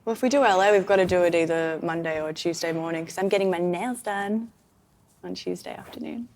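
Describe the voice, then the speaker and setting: A woman with an Australian accent, hoarse as she recovers from illness, chatting as a podcast co-host. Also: on the low side, brisk, a little mellow. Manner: chatty, laughs often. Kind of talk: casual chat.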